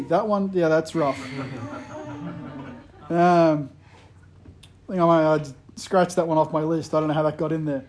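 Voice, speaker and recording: A man's voice: a little high, fairly even intonation, unhurried, long pauses, a little mellow, slight background noise. Man preaching a casual, joking sermon. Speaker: pastor.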